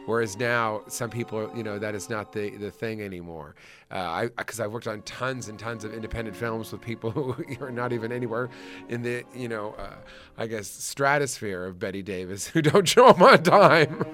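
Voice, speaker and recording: A man hosting casual commentary, chatty and animated, laughing as he talks. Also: fairly low pitch, moderate pace, music in the background.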